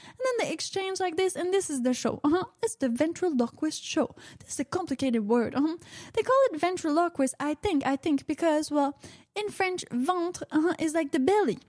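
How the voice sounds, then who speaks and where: A woman's voice: high-pitched, a little mellow, no echo, clean studio sound. A woman hosting a casual solo radio show, rambling and chatty, dropping frequent "uh-huh" and "mm-hmm" fillers.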